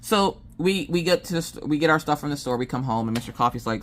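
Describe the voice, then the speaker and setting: Woman in her 30s chatting about her kids, low voice, super animated, jokey. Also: quick pace, few pauses, slight background noise. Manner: animated, jokey, acts out family members' lines. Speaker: vlogger telling family stories. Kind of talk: casual storytelling chat.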